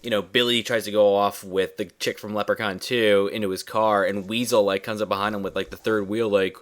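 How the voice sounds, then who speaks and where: A man co-hosting a casual movie review chat, telling scenes in a lively, profane way. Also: lowish voice, a little fast. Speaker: podcast co-host.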